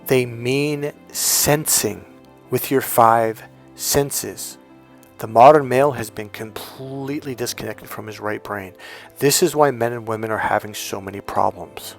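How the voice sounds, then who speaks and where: Guy with a gravelly voice coaching, punchy then slow and soft, bit of music under it. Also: medium pitch. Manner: emphatic, swings from loud punchy bursts to slow soft talk. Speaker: dating coach. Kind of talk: coaching monologue.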